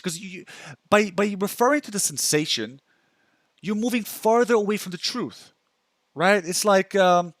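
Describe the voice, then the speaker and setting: Brief: young male counselor, casual and chatty, fairly high voice, dry close sound. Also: a bit bright, dry recording. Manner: chatty, restarts a lot, acts out inner thoughts. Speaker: counselor giving self-help advice. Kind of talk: casual talk reacting to a post.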